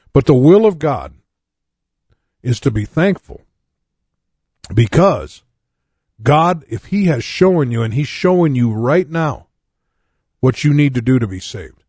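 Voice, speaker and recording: Man, 60s, pastor from North Dakota, sermon testimony, candid and self-mocking, frequent restarts, middle pitch, dry close sound. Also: animated, measured pace, pauses often, a little mellow, dry recording.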